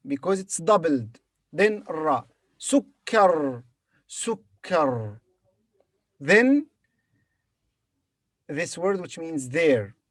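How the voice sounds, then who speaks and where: A man with a high-pitched voice gives a beginner Arabic lesson, patiently sounding out each word and repeating it for his learners. The recording is studio quality with no echo.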